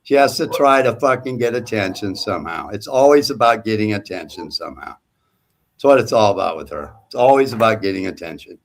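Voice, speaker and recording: A man's voice: fairly low pitch, expressive, fairly quick, creaky. A man calling into a casual chat, blunt and scornful, ranting and swearing.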